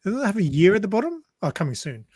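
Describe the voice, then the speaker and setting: A man's voice: sits high, very animated, quick pace, a little mellow, breathy edge, dry recording, clean studio sound. A man in a casual panel chat, talking hesitantly and unsure of details.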